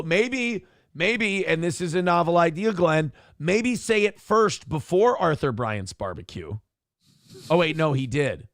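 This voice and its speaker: A man's voice: fairly high pitch, unhurried, dry recording, studio quality. Rambling, profane male talk show host. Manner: rambling, animated and profane, with many fillers. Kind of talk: casual chat.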